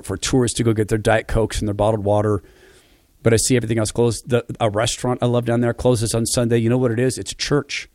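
A man's voice: medium pitch, darkish tone, dry recording. Man from spokane telling stories, earnest, fond, dry close sound. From Spokane, USA. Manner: storytelling, acting out quoted voices. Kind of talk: reflective personal monologue.

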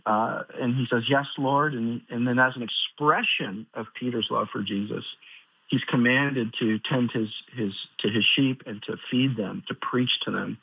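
A man's voice: mid-range voice, fairly even intonation, unhurried, gravelly, breathy edge, no room sound. Man preaching over a tinny phone line. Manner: earnest, with many fillers and restarts. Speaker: radio show co-host, pastor. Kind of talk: radio Bible teaching.

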